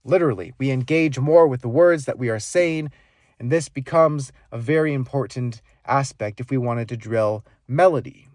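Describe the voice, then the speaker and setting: A man teaching speaking skills, demonstrating volume, pitch and pauses as he explains them. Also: darkish tone, no room sound, studio quality. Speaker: speaking coach. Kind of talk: instructional monologue with live demonstrations.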